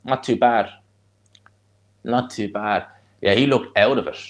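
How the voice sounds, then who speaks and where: A man with a North Dublin accent, hosting a live fight watch-along, chatting loosely and reacting excitedly to the action. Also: mid-range voice, a little slow. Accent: North Dublin (Fingal). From Ireland.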